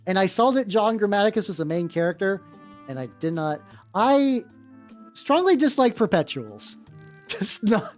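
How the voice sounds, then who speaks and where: A woman streamer chatting casually as she paints miniatures, rambling and blunt, full of fillers and swearing, pausing to greet her chat viewers. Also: mid-range voice, lively intonation. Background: faint background music.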